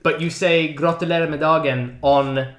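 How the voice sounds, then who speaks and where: A man's voice: fairly high pitch, steady tone, moderate pace, a crowd in the background. A man co-hosting a casual podcast chat, explaining word meanings in a pedantic way. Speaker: podcast co-host. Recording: roomy echo.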